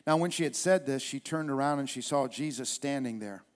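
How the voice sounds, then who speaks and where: A man's voice: medium pitch, fairly quick. A male pastor preaching a sermon at a church service in an emphatic, repetitive way.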